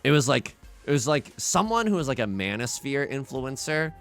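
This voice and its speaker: A man with a gravelly, creaky voice talks through his game in an offhand, rambling way. His pitch swoops widely as he chats, stumbles and restarts. Soft game music sits faintly underneath. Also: big pitch swings, normal speed. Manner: rambling, chatty, with frequent restarts and laughs. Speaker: Let's Play host. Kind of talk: casual gameplay commentary.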